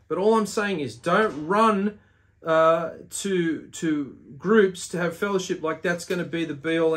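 Earnest man, slightly high-pitched. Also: fairly bright tone. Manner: earnest and exhorting, with frequent filler "uh"s. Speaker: religious video host. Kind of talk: casual religious teaching monologue.

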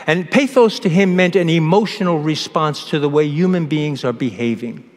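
A man who is a priest, giving a homily in a measured preaching manner with pauses and restarts, recorded in a church. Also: a little high. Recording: long church reverb.

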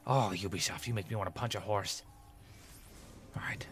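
A man's voice: fairly low pitch, moderate pace, a bit bright. A man giving gameplay commentary, grumbling and sarcastic as he talks to his audience. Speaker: let's play gamer.

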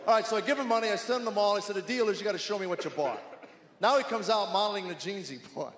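Onstage at a large theater before a live audience, a middle-aged man does stand-up, wryly recounting exasperated stories about his teenage son. His high, slightly bright voice races along, and the hall echoes with audience laughter.

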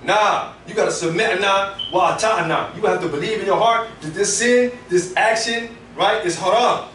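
A man giving a Friday sermon in a relaxed, conversational way, often checking in with "right?". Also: high voice, moderate pace, slight background noise. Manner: conversational, frequent "right?" tags. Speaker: preacher. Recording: echoey room, mic at a distance.

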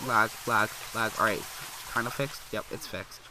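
A young man giving casual, excitable gameplay commentary as a let's play gamer, chatty and full of "like" fillers, his voice sounding a little off. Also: fairly low pitch, normal speed, background noise.

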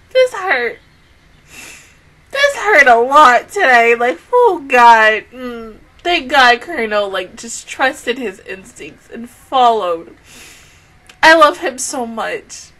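Bright, lively emotional woman reviewer. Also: a little high, takes it slowly. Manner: tearful, emotional, swearing, exclaiming. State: crying. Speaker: anime reaction host.

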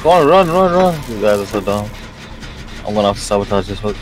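A man's voice: fairly low pitch, big pitch swings, fast talker, over music, low-quality recording. A man giving running gameplay commentary, talking to himself and swearing as he plays. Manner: swears often, talks to himself while playing. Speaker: gamer.

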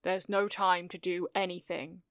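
A woman voicing a stern, serious male hero teacher who speaks gravely in short, clipped lines, for a fan fiction audiobook. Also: mid-range voice, flat delivery, moderate pace, a bit bright, no room sound, studio quality, lightly acted.

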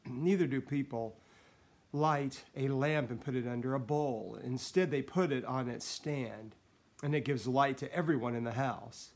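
A man's voice: medium pitch, a little mellow. Earnest man giving a midweek devotional. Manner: earnest, reads scripture aloud, frequent throat clearing. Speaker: pastor.

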